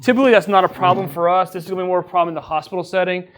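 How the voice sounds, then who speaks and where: An EMS training officer, a man with a high, fairly bright voice, talks very fast as he gives his crew a casual training lecture. He keeps it conversational, joking around with them and frequently asking "right?".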